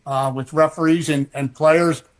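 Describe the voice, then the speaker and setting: A former referee recounts a game in a steady, matter-of-fact manner. His voice sits fairly high for a man, and he tells the story plainly in a recorded interview. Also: unhurried.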